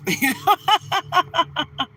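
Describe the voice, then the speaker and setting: A woman's voice: very high-pitched, expressive, very slow, pushed and bright, slight background noise, poor audio. A woman from Detroit, Michigan hosting a live tarot stream, chatting bubbly and greeting viewers by name. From Detroit, Michigan, USA. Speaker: livestream tarot reader. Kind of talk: casual livestream chat.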